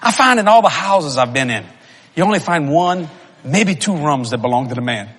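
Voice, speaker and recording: A man preaching a humorous sermon to a congregation, telling comic stories, laughing and often shouting. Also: a little high, expressive, normal speed, long reverb tail. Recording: live audience laughter and room noise.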